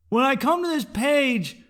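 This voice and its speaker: High-voiced man ranting in a profane comic monologue. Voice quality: animated, swings between low mutters and high excited bursts. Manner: rambling, swears often, repeats words as he restarts. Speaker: comedian podcast host.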